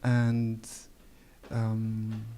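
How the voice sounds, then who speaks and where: A man in his forties from Morocco with a Moroccan French accent, speaking in a halting, hesitant way and reading his own prose at a library event. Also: fairly low pitch, completely flat delivery, warm tone, a little hiss or hum. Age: 40s. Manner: hesitant, halting, frequent fillers. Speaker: author. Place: public library event hall.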